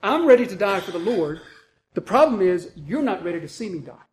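Preacher putting on a fed-up apostle, raised and pleading, in an echoey hall. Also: male voice, high-pitched, sing-song, a little fast, a little mellow. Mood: exasperated. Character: exasperated apostle Paul, adult man, resolute.

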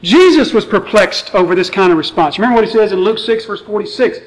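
A man whose voice sits high preaches quickly, barely pausing, in a roughly recorded expository sermon. As a pastor, he reads scripture aloud and then talks it through conversationally, asking rhetorical questions.

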